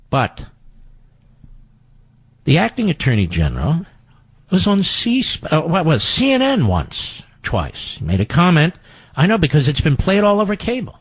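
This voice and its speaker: A man's voice: high voice, wildly swooping pitch, moderate pace, slightly rough, no room sound. A man hosting political talk radio, combative and sarcastic, often mocking his opponents in quoted voices.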